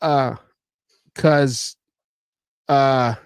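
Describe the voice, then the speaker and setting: A man hosting a casual sports talk show, animated and stammering as he repeats words. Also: mid-range voice, very slow, clear, resonant tone, no echo. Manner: mimics others in quoted voices. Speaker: podcast host.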